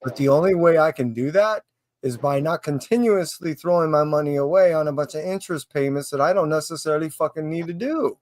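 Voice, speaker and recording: A man with a somewhat high voice talks in casual chat. He lectures persistently, laying out his argument at length and returning to it. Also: fairly quick, darkish tone, dry recording.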